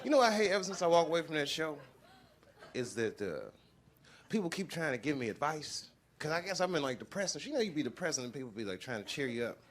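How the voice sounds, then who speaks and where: A man doing a live stand-up set on a club stage, profane and animated, acting out other people as he talks. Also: fairly high pitch, fast. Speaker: stand-up comedian. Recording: live club with loud crowd laughter. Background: loud audience laughter.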